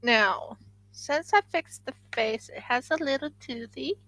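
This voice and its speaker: A woman's voice: high-pitched, measured pace, bright, forceful tone, no echo, poor audio. A woman live-streaming her craft work, chatting casually and thinking aloud to viewers as she sculpts.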